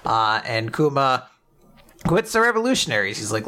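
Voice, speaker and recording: A man with a bright, forward voice hosting a casual podcast and recapping comic chapters at his own steady pace. He talks in a chatty, loose way with lots of fillers and small restarts, and his voice sits in the middle of the male range. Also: mid-range voice, normal speed. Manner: chatty, filler-heavy, animated summarizing. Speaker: podcast host.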